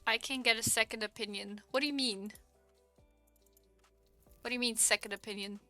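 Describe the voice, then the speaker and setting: Giggly bright-voiced young woman streaming. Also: fairly high pitch, normal speed, no room sound, soft background music. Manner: giggly, chats with viewers, bursts into excited exclamations. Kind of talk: casual live-stream chatter while gaming.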